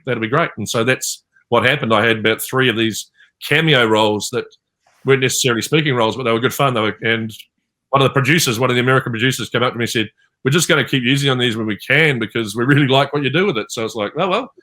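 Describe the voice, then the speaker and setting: A man's voice: medium pitch, bright, forceful tone. A man with a New Zealand accent, a voice actor telling rambling stories with many fillers in a panel interview over a video call. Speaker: voice actor guest.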